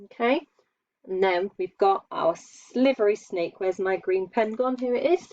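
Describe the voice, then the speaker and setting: A woman's voice: mid-range voice, a little slow, darkish tone, no room sound. A woman teaching young children in a patient lesson, asking them questions and praising them while she draws. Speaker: primary school teacher. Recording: dull lo-fi dry sound.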